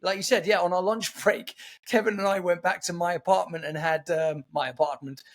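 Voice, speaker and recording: A man hosting a casual podcast chat, an animated and chatty storyteller. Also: sits high, fairly quick. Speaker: podcast host.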